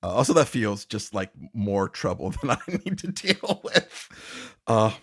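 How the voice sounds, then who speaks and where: A man's voice: fairly low pitch, big pitch swings, a little slow, a bit bright, husky. A man co-hosting a podcast, rambling in casual chat, restarting sentences and laughing often. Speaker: podcast co-host.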